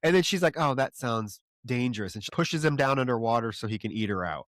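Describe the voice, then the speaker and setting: A man's voice: medium pitch, animated, quick pace, fairly bright tone, no echo. A man co-hosting a horror movie podcast, rambling through a plot recap and tossing off the characters' lines. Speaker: podcast co-host.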